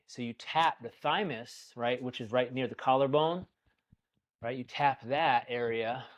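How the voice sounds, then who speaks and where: A man teaching qigong in a conversation, calm and soothing, who often checks in with "right?". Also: mid-range voice, lo-fi sound. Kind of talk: guided practice in conversation.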